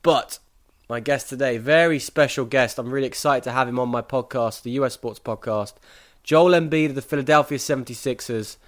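A man hosting a sports podcast, giving brisk, opinionated analysis and then interviewing a guest. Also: medium pitch. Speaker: podcast host.

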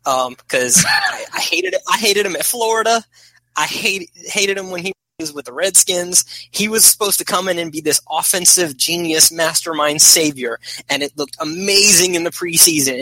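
A man's voice: on the high side, pushed and bright, no echo, low-quality recording. A man talking as a podcast guest in casual chat, a rambling, opinionated sports fan.

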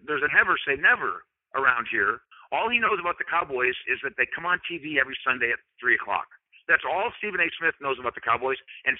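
A man hosting a sports talk radio show, arguing emphatically with a sarcastic edge. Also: a little high. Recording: phone-like narrow sound.

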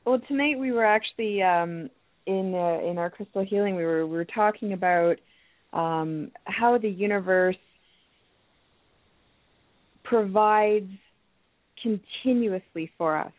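A gentle, hesitant woman from Canada, pausing often and restarting her sentences as she explains. She comes through a thin, tinny phone line with a dry, close sound. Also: mid-range voice, no room sound. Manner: soft-spoken, hesitant, many ums and restarts. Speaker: crystal healing teacher. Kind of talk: phone-in talk show guest.

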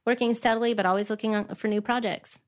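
A woman on a podcast panel who works as a publicist, agreeable and quick with short affirmations. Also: on the high side, fairly even intonation. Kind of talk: casual chat.

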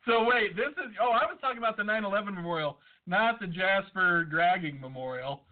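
A man's voice: sits high, lively intonation, brisk. A man hosting a podcast, trading crude, irreverent jokes in casual banter. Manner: irreverent, profane, joking. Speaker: podcast host. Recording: tinny phone-like audio.

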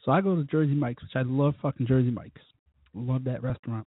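Tipsy and loose, a podcast host drinks while rambling through a crude, profanity-filled story on his own talk show. His husky, medium-pitched voice moves briskly, and the dry, narrow recording sounds like a phone line with no room sound.

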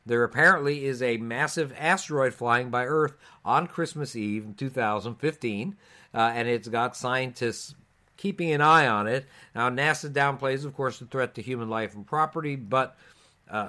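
A man's voice: mid-range voice, normal speed, pushed and bright. A man co-hosting a medical preparedness podcast, explaining topics in an easygoing, conversational way with frequent fillers. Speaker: physician co-host.

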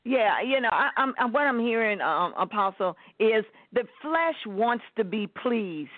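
Woman pastor, measured and affirming, dry tinny phone-line sound. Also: a little high, lively intonation, dry recording. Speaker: pastor, co-host. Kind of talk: phone-line sermon dialogue.

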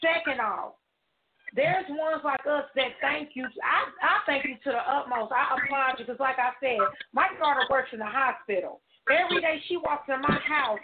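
A middle-aged woman co-hosting a radio talk show, speaking earnestly and from the heart, repeating herself for emphasis. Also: sits high. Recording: tinny phone-line sound with hiss.

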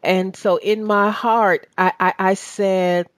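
A woman's voice: medium pitch, little pitch movement, slow, dry recording. A woman with a Southern US accent hosting a radio talk show, chatting and telling a heartfelt personal story. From Atlanta area, US.

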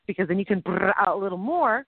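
A woman's voice: medium pitch, lively intonation, fast, gravelly, no room sound. A middle-aged woman co-hosting a faith-based chat show, talking in an emotional, rambling way with playful sound effects. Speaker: co-host. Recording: tinny phone-like dry audio.

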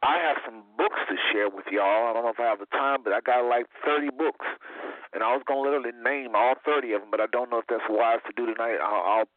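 A man's voice: medium pitch, fast, no echo. A man hosting a radio show, talking casually in a rambling, informal way. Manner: rambling, informal, repeats himself. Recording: tinny phone line, dry.

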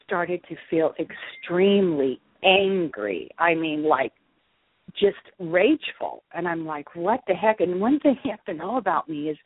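Middle-aged woman, author guest, animated storyteller, heard over a dry phone line. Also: low-pitched, breathy edge, dry recording. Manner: lively, acts out her own reactions. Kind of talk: casual storytelling in an interview.

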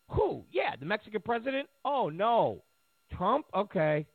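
A man's voice: sits high, sing-song, normal speed, vocal fry, breathy edge, no room sound. A man delivering a sarcastic, mocking political rant, acting out the voices he quotes. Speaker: political commentator. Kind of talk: ranting monologue. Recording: tinny phone-like line, dry.

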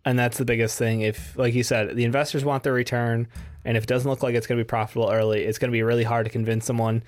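Male co-host, mid-pitched, agreeable, talks it through casually. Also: flat delivery, fast talker. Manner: agreeable, thinks aloud with "like" and restarts. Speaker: podcast co-host. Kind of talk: casual podcast chat.

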